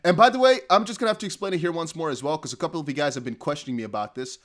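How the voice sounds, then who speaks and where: A young man from the Netherlands races through donations on his casual crypto livestream, his voice on the high side and a bit bright. He chats, laughs, and rambles, frequently restarting.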